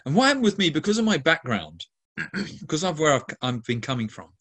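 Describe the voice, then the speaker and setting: A man's voice: on the high side, big pitch swings, brisk, fairly bright tone, husky. Male Catholic minister, interview answers, earnest and emphatic, stacks up lists of descriptive words.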